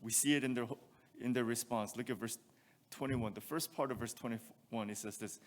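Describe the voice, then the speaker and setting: A man's voice: mid-range voice, fairly even intonation, a little fast, long reverb tail. A male pastor preaching a sermon, reading scripture aloud and asking rhetorical questions. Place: church sanctuary.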